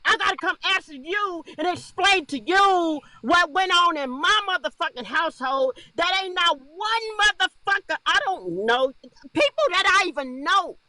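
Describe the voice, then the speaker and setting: An angry woman ranting on a livestream, profane, shouting and repeating herself. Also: very high voice, expressive, normal speed, dry recording.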